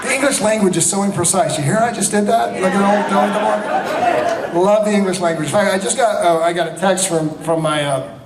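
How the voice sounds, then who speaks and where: A man telling an animated anecdote to a live audience, acting out the dialogue as he goes. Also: high-pitched, a little fast, very noisy. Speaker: convention panel guest. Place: large convention hall. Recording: echoey hall with a crowd. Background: audience murmur and laughter.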